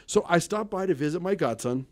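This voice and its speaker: Animated, teasing man telling a story. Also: a little high, a little fast, crowd noise. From United States. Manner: teasing, storytelling with mimicked voices. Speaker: radio show co-host. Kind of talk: comedic banter.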